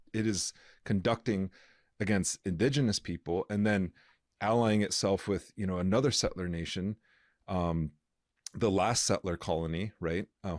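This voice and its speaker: A man's voice: deep voice, dry recording, clean studio sound. A man co-hosting a podcast, talking earnestly with many fillers and restarts. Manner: earnest, impassioned. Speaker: podcast co-host. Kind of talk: casual conversational interview.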